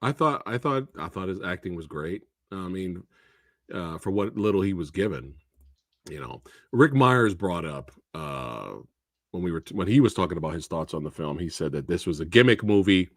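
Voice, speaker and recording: A man hosting a live movie review, talking in a casual, animated way and slipping into exaggerated quoted voices. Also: deep voice, normal speed, no room sound, studio quality. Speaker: host of a movie review show.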